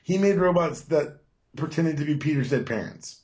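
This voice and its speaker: A man co-hosting a casual podcast about comic books, talking in a relaxed way. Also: fairly high pitch, normal speed. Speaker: podcast co-host. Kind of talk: casual comic book chat.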